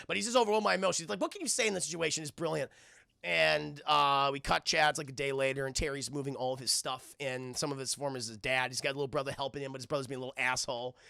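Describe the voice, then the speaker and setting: A man with a bright, forceful mid-range voice and vocal fry casually retells and reviews a cartoon episode for his live chat at a quick, steady pace. He rambles, swears, keeps addressing the chat and restarts often, in clean studio sound with no echo.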